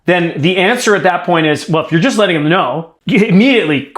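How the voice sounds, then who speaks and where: A man's voice: high-pitched, brisk, few pauses, fairly bright tone, roomy sound. A man coaching a sales team in a direct, emphatic way, acting out sample lines. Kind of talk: coaching workshop.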